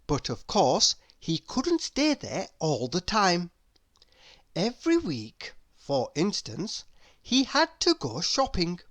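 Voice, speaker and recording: Woman, children's read-aloud, expressive, lively pitch, very slow. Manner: expressive, asks the listener questions. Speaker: storyteller.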